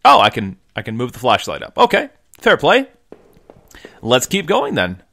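A man's voice: medium pitch, wildly swooping pitch, moderate pace, gravelly, a bit bright, dry recording. A young man hosting a game video, chatting and joking to viewers while he plays on a desk mic. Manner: chatty, jokey, addresses viewers as folks. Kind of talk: casual gameplay commentary.

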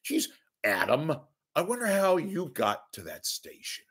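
A man's voice: on the high side, wildly swooping pitch, a little slow, fairly bright tone, breathy edge. A middle-aged man hosting a show, delivering a profane, sneering rant of media commentary. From San Francisco Bay Area. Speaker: podcast host. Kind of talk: ranting commentary.

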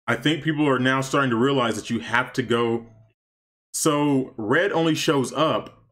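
A man casually commenting on his gameplay for stream viewers, chatty and excitable, talking to his chat. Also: medium pitch, normal speed. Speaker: streamer playing a life-sim game.

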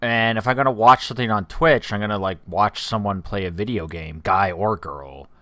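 A man's voice: fairly low pitch, normal speed, sharp tone, no echo. A man hosting a podcast in casual chat, telling stories in a rambling way with lots of fillers. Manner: rambling, filler-heavy storytelling. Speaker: podcast host.

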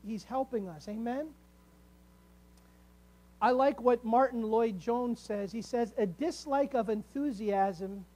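A high-voiced man's sermon to his congregation has the delivery of a pastor behind the pulpit. Somewhat mellow in tone, he builds up to emphatic exhortations and elongates key words for gravity.

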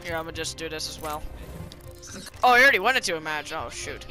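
A young man giving casual, excitable commentary on his gameplay, chatty and quick to shriek and laugh. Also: fairly high pitch. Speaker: gamer. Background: game music.

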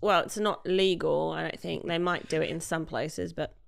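A woman co-hosting a casual group chat, chatty and quick to agree. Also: low voice, steady tone, gravelly. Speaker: podcast co-host.

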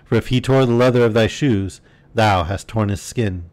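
A man's voice: lowish voice, normal speed, a little mellow, close to an everyday voice. Don Quixote, as a man reads him, grandly declaiming. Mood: lecturing. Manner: archaic, declaiming, grandly formal. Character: proud, indignant old would-be knight, male.

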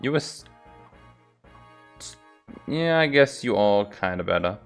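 A man's voice: fairly low pitch, lively intonation, gravelly, soft background music. A man hosting a let's play, musing aloud in casual commentary as he picks his units. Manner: musing aloud, unhurried, trailing off.

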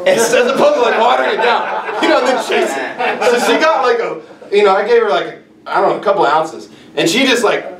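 A young man preaching an expository sermon, telling lively personal stories with casual asides. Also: sits high, a little hiss or hum. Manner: animated storytelling with casual asides. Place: church sanctuary. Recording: echoey room, mic at a distance.

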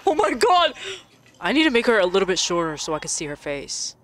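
A young woman giving casual, excitable commentary while playing a video game, laughing and shrieking often. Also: fairly low pitch, fast. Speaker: gaming streamer.

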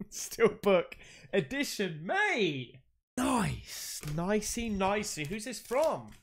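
Male vlog host, bouncy animated delivery, chatty, excitable, lots of mates. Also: sits high, drawn-out words, slightly rough. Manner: chatty and excitable, calls viewers mate. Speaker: YouTube host. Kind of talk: casual unboxing vlog chat.

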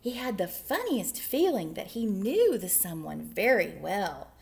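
Slow, sing-song storytime librarian. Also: female voice, medium pitch, vocal fry. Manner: animated, sing-song, drops to whispers. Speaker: children's librarian. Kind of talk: storytime read-aloud.

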